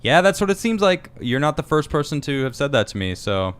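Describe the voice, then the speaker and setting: A man hosting a casual podcast stream, reading viewer comments aloud and reacting with quick asides. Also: fairly high pitch, big pitch swings, fairly bright tone, clean tone. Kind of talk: casual live-stream chat.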